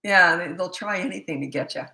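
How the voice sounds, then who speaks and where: A woman's voice: lowish voice, a little fast, bright, forceful tone. A middle-aged woman parenting coach answering questions bluntly, with no filter and a habit of laughing at herself. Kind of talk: live Q&A answering viewer questions.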